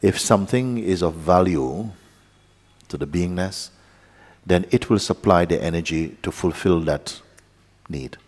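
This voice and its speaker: Deep-voiced man teaching in a reverberant hall. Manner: calm, unhurried, with pauses and soft asides. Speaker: spiritual teacher. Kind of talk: satsang teaching. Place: large meeting hall.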